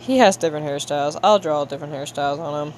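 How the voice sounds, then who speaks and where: A woman's voice: deep voice, fast talker, a little mellow, slight background noise. A young woman chatting casually with her viewers while she draws on a livestream, playful and slangy, making a show of being frustrated. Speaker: livestreamer drawing for chat.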